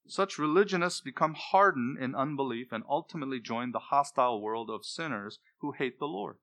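Bright-voiced man preaching with fiery emphasis. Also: mid-range voice, brisk. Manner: impassioned, emphatic preaching with sudden loud peaks. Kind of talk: sermon.

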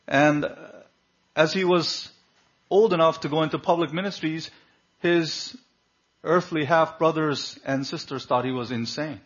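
A man's voice: a little high, a little slow. Fervent male preacher, lo-fi sound. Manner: fervent, swings from hushed to loud. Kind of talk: sermon. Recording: dull lo-fi recording.

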